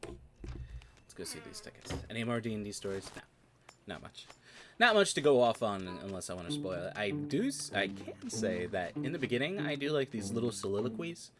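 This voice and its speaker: A man's voice: lowish voice, sing-song, moderate pace, background noise. A man streaming a video game and chatting casually, rambling, laughing often and swearing freely as he tells stories. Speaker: streamer and tabletop game master. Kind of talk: casual chat while playing a video game. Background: video game music.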